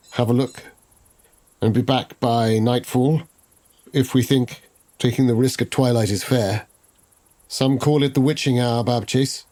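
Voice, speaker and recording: A man's voice: mid-range voice, a little mellow. A man playing a tabletop game, speaking in character with formal, old-fashioned phrasing. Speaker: player.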